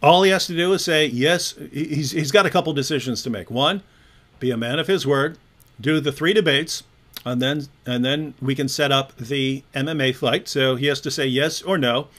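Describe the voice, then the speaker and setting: A man's voice: mid-range voice, normal speed, a bit bright. A man co-hosting a casual online discussion, sarcastic and mocking as he talks. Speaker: co-host.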